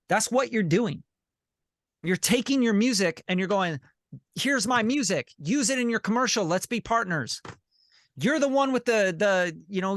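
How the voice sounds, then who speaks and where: Man, high voice, dry sound, blunt profane coach, video call, repeats himself. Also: a bit bright, no room sound. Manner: emphatic, profane, repetitive, says "you know what I'm saying". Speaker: sync licensing coach and group leader.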